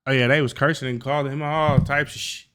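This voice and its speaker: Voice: medium pitch, fairly even intonation, quick pace, noisy background. A reaction video host giving casual, slangy, joking commentary over footage.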